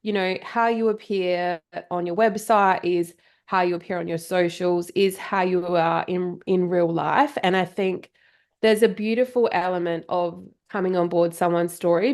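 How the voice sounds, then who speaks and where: An Australian woman in her thirties talks in a slightly low voice. She is a bit out of breath but keeps an energetic, emphatic guest's delivery, leaning on repeated phrases. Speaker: podcast guest, marketing coach. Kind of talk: casual interview chat.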